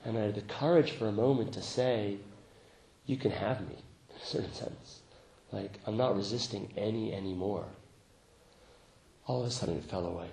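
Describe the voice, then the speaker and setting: Gentle man giving a meditation talk. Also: fairly low pitch, normal speed, vocal fry, long pauses, echoey room, slight background noise, low-quality recording. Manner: gentle, laughs often, animated when telling stories. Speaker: meditation teacher. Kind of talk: dharma talk.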